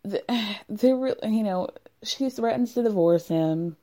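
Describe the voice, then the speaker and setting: A woman's voice: mid-range voice, slow, mellow. A woman giving casual, sardonic commentary as she recaps a reality show. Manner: sardonic, chatty, exasperated.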